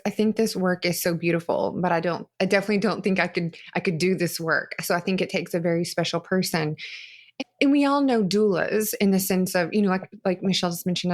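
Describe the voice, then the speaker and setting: A young woman co-hosting a podcast, asking rambling, eager interview questions of her guest. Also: medium pitch. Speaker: podcast co-host.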